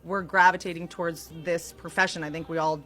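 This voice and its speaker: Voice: medium pitch, steady tone, fairly quick, bright, forceful tone, faint music behind. An interviewer asking curious, engaged questions in a conversational interview. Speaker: podcast interviewer.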